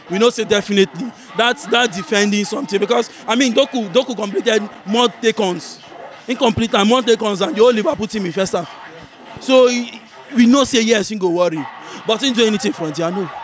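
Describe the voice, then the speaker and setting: A man with a Nigerian accent giving a heated football reaction, animated and argumentative, who keeps checking that his listener understands him. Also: high-pitched. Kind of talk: heated casual football debate. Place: viewing center.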